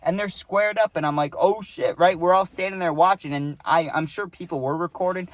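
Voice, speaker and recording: A young man telling a casual storytime, animated and full of filler words like "like" and "dude.". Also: high voice, a little fast, no room sound.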